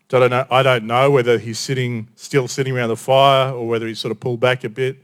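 A man preaching a sermon in a conversational storytelling way, often dropping quiet for emphasis. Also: mid-range voice, flat delivery, moderate pace.

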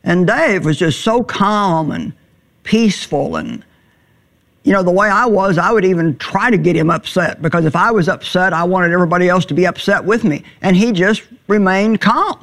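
A middle-aged woman teaching the Bible in a sermon, earnest and plainspoken, slowing down on words she wants to stress. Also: lowish voice, lively intonation. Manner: earnest, plainspoken, slows for emphasis.

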